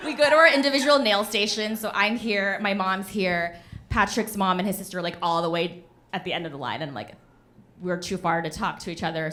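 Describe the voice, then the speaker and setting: A young woman telling a comedic story on a stage in front of an audience, animated, punchy and often laughing. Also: medium pitch, slight background noise. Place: stage of a live venue before an audience.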